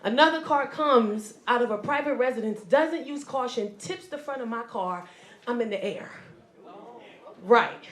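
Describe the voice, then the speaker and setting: A woman stand-up comedian delivers a story into a handheld mic in a comedy club. Her voice sits high, and she tells it animatedly, acting out the other voices. The room around her echoes. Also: a little slow. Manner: animated, acts out voices and shouts.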